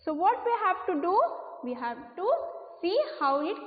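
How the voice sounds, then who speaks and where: A woman teacher with an Indian English accent gives a class lesson slowly, often checking "okay, children?". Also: very high-pitched, sing-song. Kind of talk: recorded online class lesson. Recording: echoey room over a tinny phone line.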